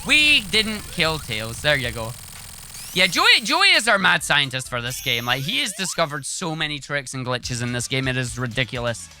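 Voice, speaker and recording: A man's voice: mid-range voice, big pitch swings, normal speed, pushed and bright, faint music behind. A man commentating his own live speedrun, chatting and explaining tricks as he plays. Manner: chatty, explains tricks while playing, cheers on his character.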